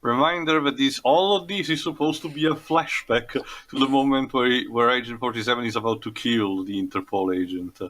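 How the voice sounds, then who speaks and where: Guy riffing on a movie, sarcastic, pretty bright voice. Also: mid-range voice, fairly quick. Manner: wry, sarcastic quips. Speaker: podcast co-host. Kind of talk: casual movie commentary.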